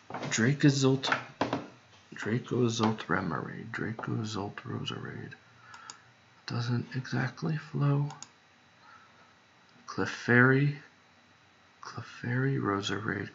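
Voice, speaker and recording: Under his breath, a man with a mid-range voice and vocal fry tests word pairs as he works on song lyrics. He's a songwriter, and the recording comes from a dull lo-fi microphone with a little faint noise.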